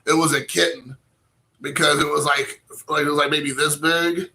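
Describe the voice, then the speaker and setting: In a flat delivery at a moderate pace, the bright, slightly high-voiced host rambles through his home vlog. He chats directly with viewers, mocking himself and wandering loosely between ideas.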